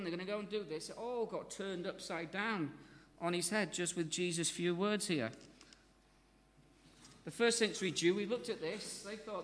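His sermon is playful and animated, and this man's voice is light and fairly high. He imitates crowds and speakers mid-story, and everything echoes with a long, hall-like reverb.

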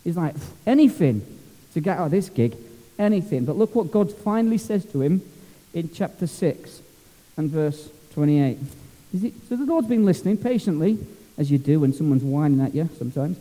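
A Scottish pastor preaching with a lively, jokey, down-to-earth manner. His voice sits fairly high but sounds very mellow and dark. A long church-hall reverb trails every phrase. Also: normal speed. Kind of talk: sermon.

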